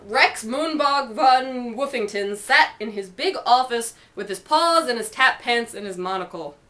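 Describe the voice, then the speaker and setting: A woman's voice: a little high, expressive, measured pace, fairly bright tone. Giggly woman telling a silly story. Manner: giggly, playful asides. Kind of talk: comic homemade story reading.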